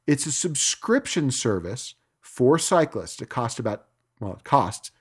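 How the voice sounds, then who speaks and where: A middle-aged man hosting a cycling podcast from his home studio, reading news items in a relaxed way with frequent filler words. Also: mid-range voice, unhurried, slightly rough. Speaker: podcast host. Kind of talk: solo podcast news segment.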